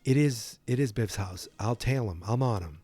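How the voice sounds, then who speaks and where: A man voicing a jittery, eager teenage boy with a hurried, excited delivery. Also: medium pitch, dry recording, lightly acted.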